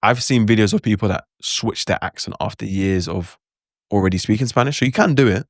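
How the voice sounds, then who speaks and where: A man's voice: fairly low pitch, fairly quick, dry recording, clean studio sound. A young man giving a casual spoken lesson, chatty and reflective, full of "like" fillers and asides. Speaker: language teacher.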